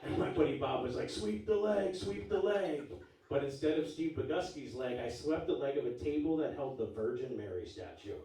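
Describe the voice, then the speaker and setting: A man's voice: medium pitch, brisk, few pauses, mellow. Punchy, profane man in his forties on stage. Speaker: stand-up comedian. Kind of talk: stand-up comedy set. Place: live comedy club stage. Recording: echoey room from far off. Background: audience laughing.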